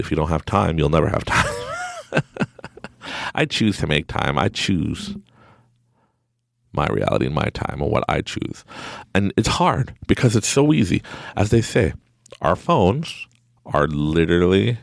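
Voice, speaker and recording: A man's voice: deep voice, gravelly, no echo, clean studio sound. A man hosting a podcast, talking in a casual, upbeat motivational way, laughing often and acting out little voices. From Quebec, Canada. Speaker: podcast host.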